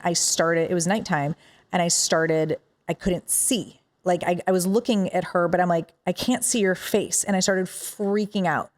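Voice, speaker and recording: Lady guest telling a wild story on a podcast, kinda low voice, really animated. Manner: animated, dramatic retelling with quoted dialogue. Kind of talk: casual storytelling conversation.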